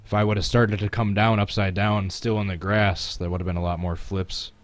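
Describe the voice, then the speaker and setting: A man's voice: lowish voice, level tone, brisk, no room sound. A man casually commentating his racing game on a live stream, chatting with viewers and chuckling as he plays. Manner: chatty, chuckling, talks to chat while playing.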